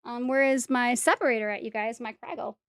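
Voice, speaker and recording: A woman's voice: a little high, fairly quick, a bit bright, no echo, studio quality. A woman streaming herself building a brick set, chatting casually to viewers and talking to herself as she corrects mistakes. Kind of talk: casual step-by-step build commentary.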